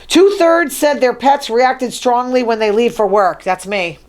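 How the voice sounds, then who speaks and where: With a fairly high-pitched voice, a show host speaks at normal speed with few pauses. In a casual solo talk show monologue, she reads news items from her notes and adds wry, chatty asides.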